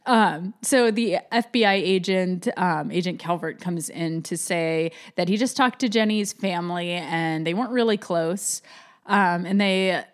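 A woman's voice: lowish voice, measured pace. A woman co-hosting a podcast, chatting casually and sarcastically about a TV episode and acting out lines from its scenes. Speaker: podcast co-host. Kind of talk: casual chat recapping a TV episode.

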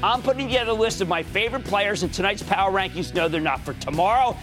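An excitable man in his sixties with a Philadelphia-area accent, hosting a finance TV show, emphatic and given to shouting bursts. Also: sits high, fast, over music. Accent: Philadelphia-area American. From Pennsylvania. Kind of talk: energetic market commentary and call-in.

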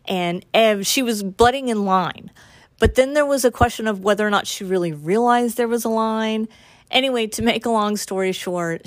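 A woman's voice: mid-range voice, dry recording. A middle-aged woman hosting a solo podcast, talking in an earnest, rambling, emphatic way as she reflects aloud. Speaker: podcast host. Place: on a lunch break.

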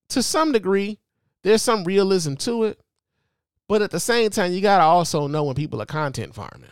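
A man in his forties hosting a show, giving animated, joking commentary full of profanity. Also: a little high, no echo, clean studio sound. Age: 40s. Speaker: host. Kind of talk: casual commentary.

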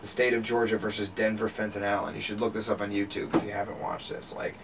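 A man's voice: on the low side, level tone, fast talker, creaky. A man in casual podcast chat, rambling with many restarts and frequent laughter. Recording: distant mic with faint background noise.

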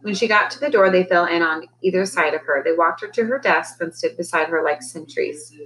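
A woman's voice: lowish voice, fairly quick, fairly bright tone, a little hiss or hum, poor audio. A woman teacher reading a children's novel aloud, lifting her voice for the characters' lines. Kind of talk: storybook read-aloud.

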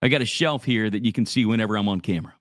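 A man's voice: fairly low pitch, rapid-fire, no room sound. A man hosting a live radio morning show from a small office studio, talking in a laid-back, chatty way and reading sponsor plugs. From Louisiana. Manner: laid-back, chatty, says dude a lot. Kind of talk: casual live radio talk with ad reads.

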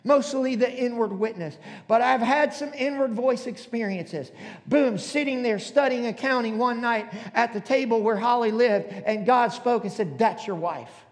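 A man's voice: very high voice, moderate pace. A man in his forties preaching a sermon to a congregation, emphatic and calling out to them. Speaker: pastor. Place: church auditorium. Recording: long hall reverb.

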